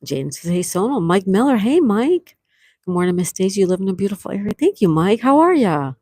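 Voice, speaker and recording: Hosting a casual livestream outdoors near calm water, a middle-aged woman reads viewer comments aloud and thanks people with soft-spoken, sweet exclamations. Her mid-range voice is husky and sing-song, moving a little fast. The recording is dry, with clean studio sound.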